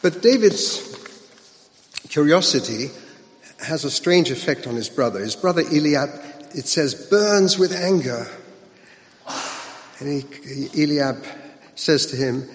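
A man's voice: on the high side, animated, takes it slowly, long pauses. A male preacher giving a sermon in a conversational way, asking his listeners rhetorical questions. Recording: long hall reverb.

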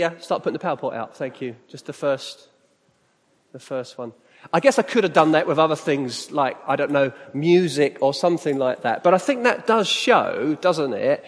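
A middle-aged British man giving a conversational church talk to a live audience, often asking them questions. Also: on the high side. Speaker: church speaker. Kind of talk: sermon-style talk. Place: church hall. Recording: reverberant hall.

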